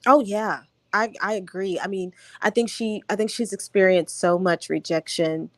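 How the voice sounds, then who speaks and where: A woman's voice: mid-range voice, normal speed, no echo. Reflective woman searching for words. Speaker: panelist on a commentary stream. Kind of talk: casual commentary.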